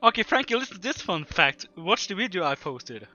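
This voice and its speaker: A man's voice: high-pitched, sing-song, a little fast, sharp tone, dull audio. A man player in a casual game chat, joking and exasperated, swearing now and then.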